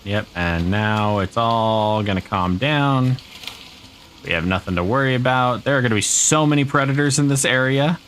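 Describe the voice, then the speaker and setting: A man's voice: medium pitch, normal speed, a bit bright, slight background noise. A man streaming a survival game, casually thinking aloud and shrugging off setbacks as he plays. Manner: laid-back, thinking aloud, shrugging things off. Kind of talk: casual live gameplay commentary.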